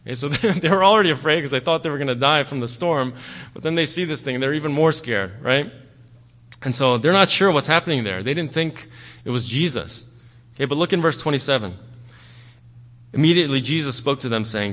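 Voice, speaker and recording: A man's voice: medium pitch, lively intonation, normal speed, fairly bright tone. Man, pastor, conversational sermon, keeps asking "okay?", long hall echo. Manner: conversational preaching, frequent "okay?" and "right?" checks.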